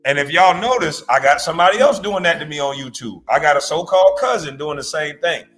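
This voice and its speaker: A man's voice: a little high, animated, a little fast, fairly bright tone, faint music behind. A man hosting a reaction show, ranting bluntly and profanely, mocking his target. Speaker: host. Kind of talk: reaction commentary rant.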